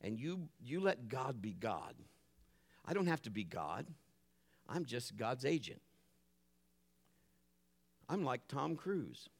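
A middle-aged man preaching a sermon as pastor, animated, acting out his family's voices and dropping to a hush for calm moments. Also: medium pitch, takes it slowly, creaky, pauses often. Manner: drops to a hushed voice for calm moments.

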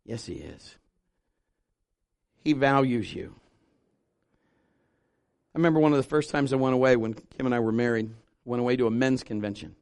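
A male pastor in his fifties preaching to his church, swinging from loud exhortation to quiet, intimate asides with humor. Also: mid-range voice, steady tone, a little fast, long pauses, smooth, no echo. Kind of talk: sermon. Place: church sanctuary.

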